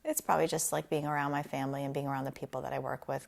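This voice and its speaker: A woman in her forties with a light southern Rhode Island accent and a low, gravelly voice. She answers interview questions casually, pausing to think and filling gaps with ums. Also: flat delivery. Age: 40s. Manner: hesitant and thoughtful, with frequent ums.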